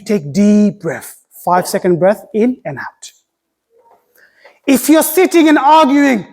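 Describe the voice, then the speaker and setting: A man giving a Friday sermon, preaching with passion and repeating key phrases, sometimes reciting Arabic quickly. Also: high-pitched, big pitch swings. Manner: impassioned, repetitive preaching with rising emphasis.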